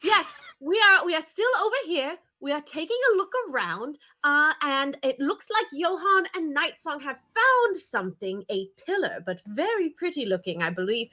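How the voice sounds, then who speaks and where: A woman voicing Adalia, a chipper woman adventurer, calling out in a high, sing-song voice. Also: sing-song, normal speed, bright, forceful tone, exaggerated voice. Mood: cheerful.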